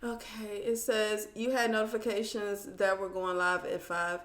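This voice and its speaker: A woman's voice: mid-range voice, flat delivery, normal speed, hardly any pauses, fairly bright tone, echoey room. A woman hosting a casual live stream from home, chatting with viewers, greeting them by name and calling them child and boo.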